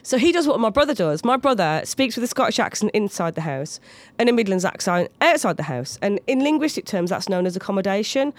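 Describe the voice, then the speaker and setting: A woman in her thirties, here as a comedian guest, speaks briskly in a mid-range voice with few pauses and no echo. Her casual storytelling is animated and packed with mimicked voices.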